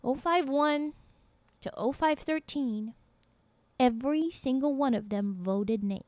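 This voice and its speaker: A woman streamer reading a story aloud to her chat, lively and quick with asides. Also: sits high, no room sound.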